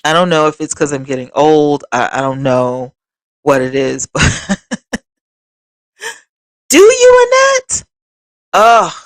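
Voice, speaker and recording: A woman's voice: extremely low pitch, normal speed, dry recording. A woman hosting a casual livestream, chatting expressively and talking straight to her viewers as she reads their comments. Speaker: livestream host.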